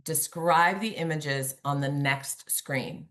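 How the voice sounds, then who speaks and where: Chatty low-voiced woman presenter. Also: lively intonation, slow, fairly bright tone. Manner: chatty, uses humor and acted-out examples. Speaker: webinar presenter. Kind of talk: conversational presentation. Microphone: remote video call.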